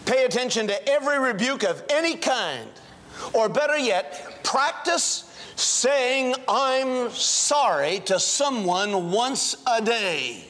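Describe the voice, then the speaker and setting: An older male pastor preaching a sermon to a congregation, telling a personal story and acting out the dialogue, swinging from hushed tones to shouting. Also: high-pitched, sing-song, measured pace, a little hiss or hum. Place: church, before a congregation.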